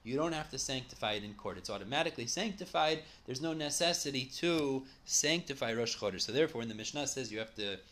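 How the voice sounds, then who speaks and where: A man's voice: mid-range voice, expressive, fast, few pauses, a bit bright. A man giving a Talmud study lecture, reading Aramaic phrases and translating each into plain English. He explains step by step in a conversational way and corrects himself as he goes. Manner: conversational, with small self-corrections. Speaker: Talmud teacher.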